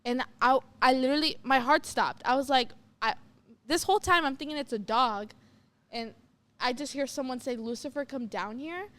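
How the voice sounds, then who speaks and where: Young woman co-host, relaxed storyteller who acts out lines; slightly high voice. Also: moderate pace, clear, resonant tone. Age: young adult. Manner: animated, acts out what she said and heard, many "like" fillers. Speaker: youth podcast co-host. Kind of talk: casual storytelling chat.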